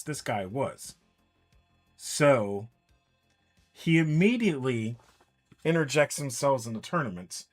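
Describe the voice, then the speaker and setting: Man telling a story over faint music. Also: fairly high pitch. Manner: animated anecdote, quoting others in dialogue. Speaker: streamer. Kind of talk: casual storytelling while painting miniatures.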